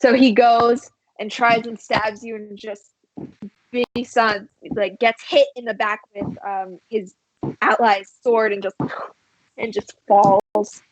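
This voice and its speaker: Slow, high-voiced woman game master. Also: fairly even intonation, dry recording, dull audio. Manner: unhurried, halting, many fillers. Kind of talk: narrating a tabletop game.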